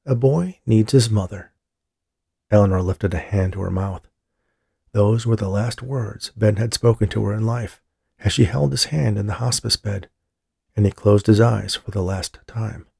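Gravelly low-voiced male narrator. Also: no echo, studio quality. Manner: steady, measured reading. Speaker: audiobook narrator. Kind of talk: scripted narration.

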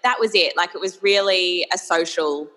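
A young woman with an Australian accent talks freely as an interview guest, her voice bright and forceful and a little low. She laughs often and fills her sentences with "like" and "you know". The sound rings with a long hall reverb. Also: moderate pace. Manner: chatty and upbeat, laughs often, many fillers. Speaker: startup founder, guest. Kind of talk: casual interview conversation.

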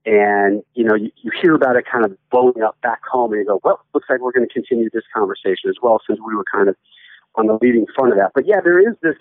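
A man's voice: lowish voice, animated, quick pace, dry recording. Man in his forties, soccer broadcaster, chatty and rambling, heard over a tinny dry call line. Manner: chatty, rambling with many restarts. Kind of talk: casual podcast chat.

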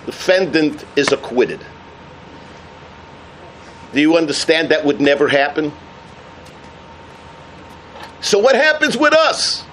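High-voiced storytelling rabbi. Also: male voice, sing-song, unhurried, long pauses, a little hiss or hum. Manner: storytelling, shouting punchlines. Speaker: rabbi giving a talk. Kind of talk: sermon with jokes and parables.

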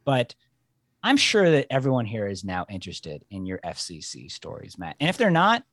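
A man chatting as a podcast guest, telling lively, rambling stories. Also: on the low side, moderate pace, no room sound, clean studio sound. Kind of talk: casual chat.

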